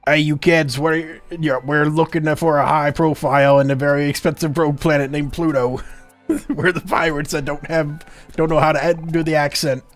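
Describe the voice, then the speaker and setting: A man's voice: fairly high pitch, flat delivery, normal speed, soft background music, lightly acted. A man voicing a pushy male space pirate in a plain, blunt voice. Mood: demanding.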